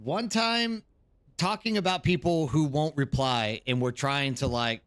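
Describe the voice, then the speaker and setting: A man's voice: on the high side, measured pace, fairly bright tone, clean tone, no room sound. A tired man live streaming, chatting casually and rambling as he answers viewers in the chat.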